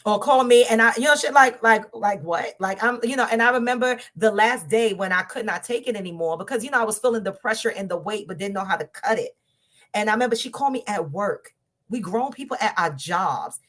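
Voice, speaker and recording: Woman, 30s, lively group-discussion speaker, conversational, talks straight to listeners. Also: medium pitch, a little fast. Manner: animated, conversational, laughs often, addresses listeners directly. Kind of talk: candid personal storytelling to a group.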